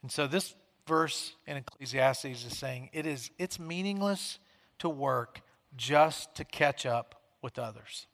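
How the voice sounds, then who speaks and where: A man's voice: mid-range voice, takes it slowly, creaky, fairly bright tone, in a large hall. A male pastor giving a conversational sermon, acting out quoted questions with rising and falling volume in a church sanctuary.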